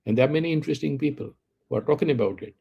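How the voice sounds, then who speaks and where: A man's voice: on the high side, racing, creaky, slightly rough, muffled recording. A man teaching philosophy, explaining Sanskrit terms and posing rhetorical questions to his listeners. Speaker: Vedanta teacher. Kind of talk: philosophy lecture.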